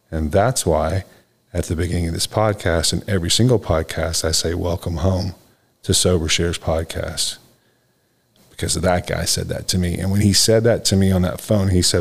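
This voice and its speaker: A deep, low-pitched older man hosts a podcast. He tells his story candidly and rambles a little, lifting his voice high whenever he acts out what someone said. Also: steady tone, moderate pace, creaky, breathy edge. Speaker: podcast host. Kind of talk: casual storytelling chat.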